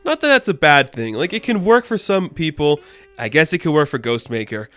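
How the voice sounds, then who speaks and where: A man casually recapping a comic book issue, chatty, laughing often and acting out characters in quick asides. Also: a little high, sing-song, fairly bright tone.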